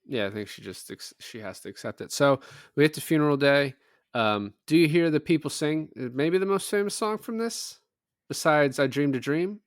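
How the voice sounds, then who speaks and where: A man's voice: a little high, lively intonation, normal speed, no room sound, clean studio sound. A man co-hosting a casual podcast, animatedly retelling a film's plot and quoting characters in offhand voices. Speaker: podcast co-host. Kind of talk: casual chat.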